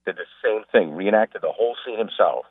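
A man chatting casually as a guest on a radio show, an animated storyteller who mimics the people he describes. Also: on the low side, fairly quick, breathy edge, no room sound. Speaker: sports broadcaster and guest. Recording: phone line.

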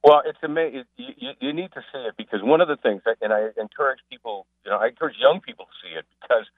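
A man chatting casually as a guest on a radio show, an animated storyteller who mimics the people he describes. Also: medium pitch, rapid-fire, vocal fry, no echo. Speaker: sports broadcaster and guest. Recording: phone line.

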